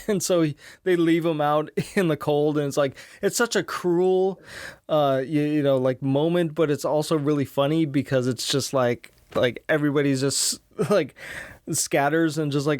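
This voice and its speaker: A man's voice: steady tone, normal speed, a little mellow, no room sound. Guy in his 30s rambling through a solo podcast, lots of um and like, dry close sound, bumps his voice up for quotes. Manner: rambling, many restarts and fillers, acts out quotes in higher voices. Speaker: podcast host. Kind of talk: casual solo podcast talk.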